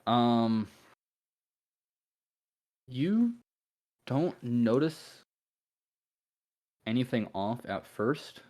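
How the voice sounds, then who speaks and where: A man narrating a tabletop game as game master in an unhurried, easygoing way with fillers. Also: mid-range voice, animated, a little mellow.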